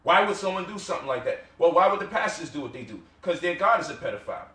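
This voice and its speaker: Bright-voiced man in an echoey room. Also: on the high side, very animated, quick pace. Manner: rhetorical questions, mocking quotes. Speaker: guest speaker. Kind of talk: impassioned lecture-style talk. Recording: echoey room, mic at distance.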